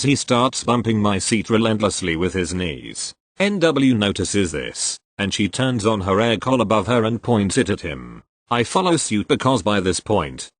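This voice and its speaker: A synthetic man's voice reading online posts aloud as a narrator, in an even, mechanical delivery that speaks symbol and emoji names aloud. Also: on the low side, no echo. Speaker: story narrator.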